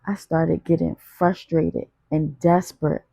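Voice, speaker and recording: A woman's voice: sits low, little pitch movement, slow, vocal fry, mellow, dry recording. A woman narrating a gritty first-person audiobook in a raw, confessional storytelling manner.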